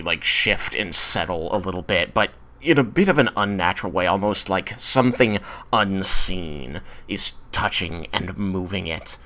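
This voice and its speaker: A man's voice: low voice, sharp tone. A man narrating a tabletop game as game master, with many hesitant fillers.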